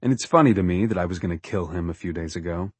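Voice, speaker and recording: An audiobook narrator, a man with a low, husky voice and a wry edge, tells a first-person story at a fast clip. The sound is close and dry with no room echo.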